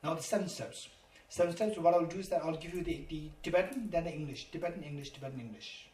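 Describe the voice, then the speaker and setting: Speaking fast in a fairly high, slightly mellow voice, a man gives a Buddhist teaching in the form of a dharma lecture. He is emphatic and repeats himself, spelling terms letter by letter. The mic is distant, the room echoes, and there's faint background noise.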